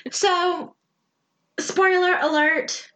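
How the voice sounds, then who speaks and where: A woman co-hosting a book podcast in casual chat, chiming in with quick reactions and quips. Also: extremely high pitch, fairly even intonation, sharp tone.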